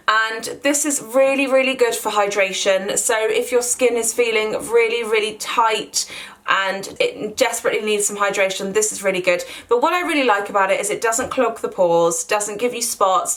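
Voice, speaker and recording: A woman's voice: a little high, a bit bright. A woman giving a casual, enthusiastic product review as a beauty vlogger, chatty and fond of repeating "really".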